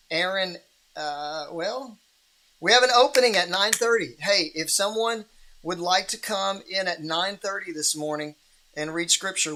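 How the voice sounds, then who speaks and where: A man's voice: on the high side, bright, forceful tone. A man hosting a livestream Bible reading in a casual, rambling way, with many restarts and fillers.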